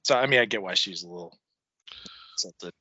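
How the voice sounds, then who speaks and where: Bright-voiced man, casual profane podcast chatter. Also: low-pitched, fairly quick, husky, dry recording. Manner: chatty, profane, laughs at his own stories. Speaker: podcast co-host. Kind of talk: casual wrestling chat. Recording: dull lo-fi dry recording.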